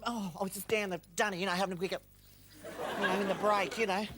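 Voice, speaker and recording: A man with a broad Australian accent playing a chatty, nosy Australian woman, talking in a loud, gossipy, over-familiar way. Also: high voice, steady tone, fairly quick, lightly acted. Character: nosy, chatty Aussie woman named Nolene. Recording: loud crowd and heavy noise.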